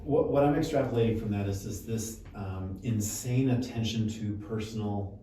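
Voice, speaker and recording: A man hosting an interview, asking questions in halting starts and restarts. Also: on the low side, dark tone. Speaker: podcast host. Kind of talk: conversational interview. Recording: echoey room, mic far off, faint noise.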